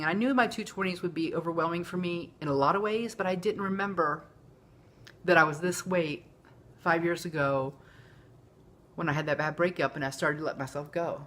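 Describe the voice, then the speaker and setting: A woman's voice: fairly low pitch, fairly bright tone. A woman, talking candidly and emotionally in a rambling personal vlog. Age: 40s. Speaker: vlogger. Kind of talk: casual confessional vlog.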